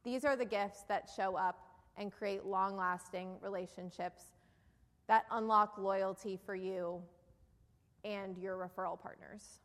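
A woman's voice: mid-range voice, fairly even intonation, measured pace. Persuasive New Jersey woman in an echoing hall. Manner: earnest, persuasive, asks the audience questions. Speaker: keynote speaker. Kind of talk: motivational business presentation. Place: event hall before a live audience. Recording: long hall reverb.

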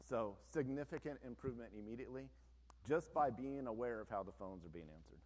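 A business owner gives an informal, plain-spoken talk to an audience, often slipping in conversational asides. His voice is medium-pitched, a little fast and slightly mellow, and the recording carries the long reverb of a large hall.

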